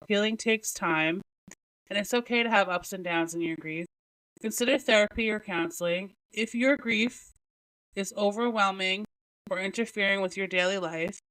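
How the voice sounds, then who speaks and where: Woman podcast host, solo talk, halting, restarts, near tears. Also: medium pitch, fairly bright tone, low-quality recording. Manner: emotional, halting, many restarts. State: close to tears.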